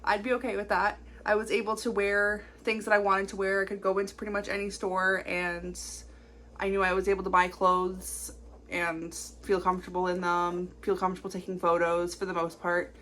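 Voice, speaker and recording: A young woman in her twenties talking casually to camera in a confessional vlog, rambling quickly with lots of fillers. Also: on the low side, monotone, a bit bright, a little hiss or hum. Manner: chatty, rambling, fast-talking with many fillers. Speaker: vlogger.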